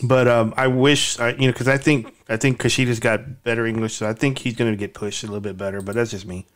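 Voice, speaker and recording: A man at a mid pitch co-hosts a podcast in relaxed conversation. He rambles a little as he tells his stories and hesitates often. His delivery sounds easygoing and unscripted. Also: quick pace. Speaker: podcast co-host. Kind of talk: casual chat.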